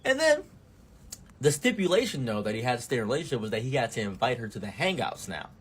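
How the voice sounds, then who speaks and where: A young man tells a story from his own life with a husky, slightly breathy voice. He talks casually and jumps from sudden loud bursts to quiet mumbled asides. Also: mid-range voice, very animated, quick pace. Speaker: streamer. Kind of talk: storytime commentary.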